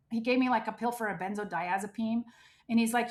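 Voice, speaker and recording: A middle-aged woman from the United States telling her life story as a guest in an interview, animated and emphatic, acting out what people said. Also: fairly high pitch, fairly quick. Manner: animated, emphatic, frequent "like" and quoted dialogue.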